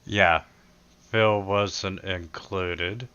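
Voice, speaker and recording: A man running a tabletop game as game master, halting and filling pauses with "uh". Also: low-pitched, steady tone, bright, forceful tone, smooth. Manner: halting, with many filler sounds. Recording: dull lo-fi recording.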